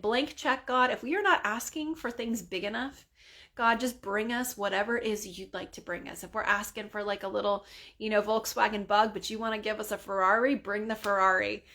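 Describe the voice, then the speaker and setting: Woman praying out loud, earnest and chatty, lots of you know and like, gravelly voice a bit high. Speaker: prayer leader. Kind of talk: spontaneous spoken prayer.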